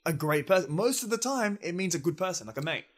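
A young Australian man co-hosting a casual chat, laid-back and sweary, quick to agree. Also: high-pitched, lively intonation. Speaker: podcast co-host.

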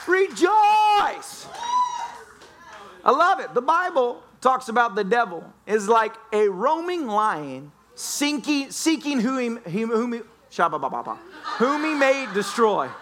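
A man preaching a lively sermon as pastor, laughing often and breaking into shouts. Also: high-pitched, slow, a little hiss or hum. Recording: church sermon recording.

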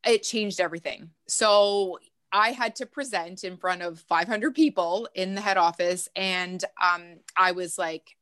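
A woman who is a mindset coach, talking as a guest on a podcast in a lively storytelling way, laughing often. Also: mid-range voice, no echo. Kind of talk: casual podcast interview.

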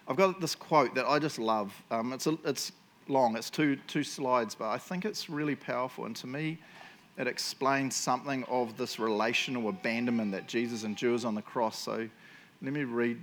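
A man gives a sermon, talking earnestly and casually to his listeners. He often restarts and fills pauses. When he reads a passage aloud, he slows down and gives each phrase weight. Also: medium pitch, a bit bright. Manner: earnest and conversational, with many fillers and restarts; reads quotes slowly and with weight. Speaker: preacher.

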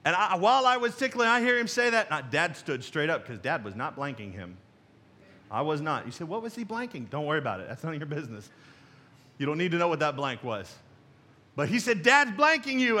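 A man's voice: a little high, sing-song, fairly quick, sharp tone. A man in his forties preaching a sermon as pastor, telling folksy stories with chuckles and asides to the congregation. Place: church sanctuary.

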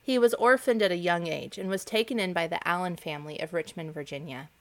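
A woman hosting a podcast, reading fables to children in a gentle, expressive storytelling voice. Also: on the low side, quick pace. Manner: expressive, gentle, varied intonation. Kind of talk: storytelling narration for kids.

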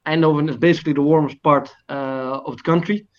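Man, casual chat, hesitant delivery, fairly high pitch, dull low-fi sound. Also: steady tone. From Netherlands. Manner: halting, many ums and pauses. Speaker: guest on call. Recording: dull lo-fi call audio.

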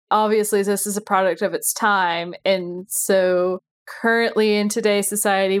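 A woman co-hosting a casual podcast discussion, playful and quick to giggle. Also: medium pitch. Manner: playful, giggly, gushes over cute things. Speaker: podcast co-host. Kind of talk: casual chat.

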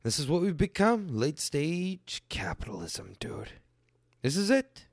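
A man around thirty doing a profane stand-up style rant, swinging between loud bursts and low mutters. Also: sing-song, unhurried, vocal fry, dry recording, clean studio sound. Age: late 20s to early 30s. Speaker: comedian.

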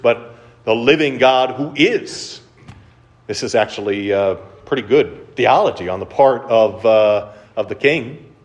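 A male pastor delivers a relaxed, conversational sermon in a fairly low voice. His pitch swings widely as he animates the story. He keeps asking the listeners rhetorical questions.

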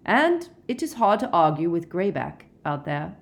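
A woman reading a calm, weary middle-aged werewolf man, measured and gentle in an audiobook. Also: on the low side, creaky, exaggerated voice.

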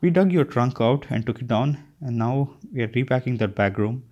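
A man's voice: medium pitch, animated, moderate pace, a little mellow, highs cut off, close to an everyday voice. A man doing a weary, apologetic dad.

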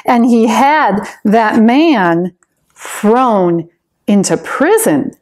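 A woman teaching a Sunday school lesson, telling a Bible story to children in a gentle, expressive way. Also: mid-range voice.

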